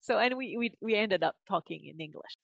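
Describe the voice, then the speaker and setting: A woman's voice: medium pitch, lively intonation, fairly quick, creaky, dry recording, muffled recording. A woman from Canada with a Quebec French accent, speaking English as a second language as a guest linguist in a podcast interview, thoughtful and laughing often, with many fillers and restarts.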